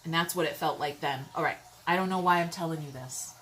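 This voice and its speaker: Woman tarot reader, rambling and foul-mouthed, lower voice, faint hiss behind. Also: fairly quick, poor audio. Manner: chatty, rambling, swears freely, frequent "okay?" check-ins; lively, with sudden loud exclamations. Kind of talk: casual tarot reading monologue.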